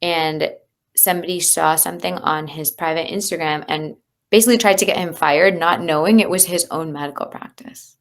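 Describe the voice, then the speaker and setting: A woman's voice: low voice, steady tone, moderate pace, creaky. A woman, a leadership coach, talking candidly and earnestly as an interview guest, with many fillers. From United States. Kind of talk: conversational interview.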